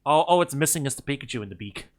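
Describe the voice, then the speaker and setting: A man's voice: mid-range voice, animated, racing, background noise. A man streaming a game, chatting casually and laughing often, poking fun at himself as he reads along. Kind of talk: casual gameplay commentary.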